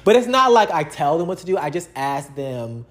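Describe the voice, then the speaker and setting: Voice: medium pitch, big pitch swings, moderate pace, reverberant. Young adult vlogger, loose rambling chat, heavy on slang and "like". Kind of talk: casual rambling monologue.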